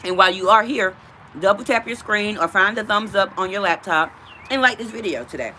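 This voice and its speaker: Woman livestream host, bright forceful voice, chatty, outdoors, faint noise behind. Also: medium pitch, expressive, brisk. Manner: chatty, addresses viewers directly. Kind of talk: casual livestream chat.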